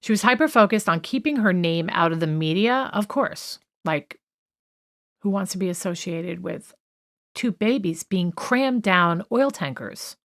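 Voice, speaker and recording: A woman's voice: fairly low pitch, expressive, unhurried, a bit bright. A woman co-hosting a true crime podcast, talking through a list in a chatty, opinionated way with many fillers and asides. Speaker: podcast co-host.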